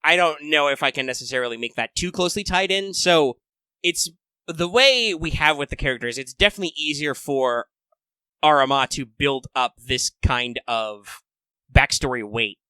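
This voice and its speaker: A man in casual chat who talks in a thoughtful, measured way, with some hesitation. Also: on the high side, bright, forceful tone, smooth, dry recording.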